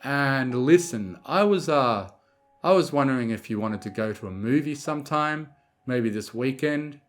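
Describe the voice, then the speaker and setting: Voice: medium pitch, animated, faint music behind, natural voice. A narrator voicing a shy young male pony who speaks hesitantly. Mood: nervous. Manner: hesitant and halting.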